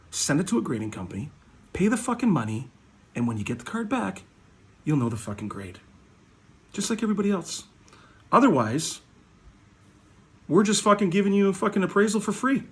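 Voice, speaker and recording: A man's voice: a little high, animated, brisk, a bit bright. A middle-aged man ranting bluntly in a vlog, swearing constantly. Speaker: hockey card vlogger. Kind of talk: profane ranting monologue.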